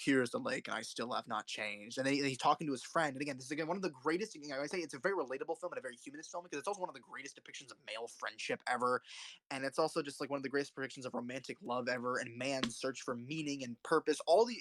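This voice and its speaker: A man's voice: mid-range voice, very fast, a bit bright. A young man rambling passionately about films in casual commentary, often swearing and restarting his sentences. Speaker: host ranking films.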